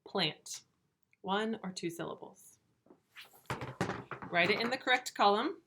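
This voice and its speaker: A woman teaching a first grade video lesson, speaking slowly and clearly, repeating words and encouraging the children. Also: mid-range voice, noisy background.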